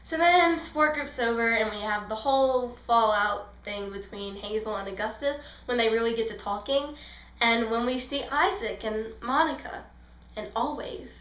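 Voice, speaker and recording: A woman's voice: on the high side, normal speed, a bit bright. Gushing young woman in an echoey room. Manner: gushing, rambling, acts out scenes in quoted voices. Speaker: book and film reviewer. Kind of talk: casual fangirl review.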